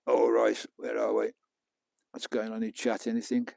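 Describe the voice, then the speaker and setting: A British man chatting casually on a live stream while he fishes on a beach. His voice is dark and mellow, recorded dry and close, and he jokes with viewers and swears now and then. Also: fairly low pitch, monotone, moderate pace, vocal fry, no room sound. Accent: British English. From England. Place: outdoors on a beach at night.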